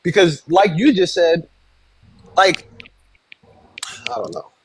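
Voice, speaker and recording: Soft-spoken man full of hesitant fillers. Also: high voice, slow, a little hiss or hum, low-quality recording. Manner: hesitant, filler-heavy, calming. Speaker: livestream co-host. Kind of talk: casual livestream talk.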